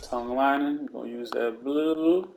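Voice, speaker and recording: A man with a gravelly, fry-tinged voice talks through a step-by-step walkthrough in a relaxed, slangy voice-over. His pitch sits in a middle range, and a faint hiss sits under his voice. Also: normal speed. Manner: relaxed, laid-back step-by-step instructions; slangy, conversational asides. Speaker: video game content creator.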